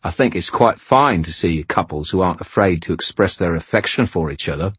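A man's voice: low voice, lively intonation, a little fast, slightly rough, dry recording, full character voice. A man putting on a gloating Cockney wizard-for-hire. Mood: smug. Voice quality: smug, mocking, cheerfully condescending. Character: cheerful menacing Cockney male wizard-for-hire.

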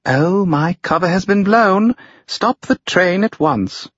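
Man doing a teasing young woman on a train, raised pitch, husky edge, storybook read. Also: expressive, takes it slowly, no echo, lo-fi sound, heavily acted. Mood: playful.

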